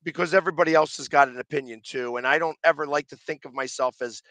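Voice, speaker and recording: A man who makes sports-fan videos, talking in a casual interview with a loud, passionate manner and a slightly raspy, deepened voice. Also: no room sound. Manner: loud, passionate, quick restarts.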